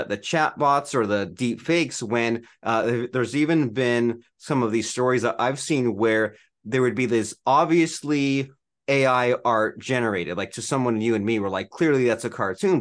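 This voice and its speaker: A man hosting a podcast, chatting casually and peppering his speech with "like" and restarts. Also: medium pitch. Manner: filler-heavy, says "like" constantly. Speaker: podcast host. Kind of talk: casual interview chat.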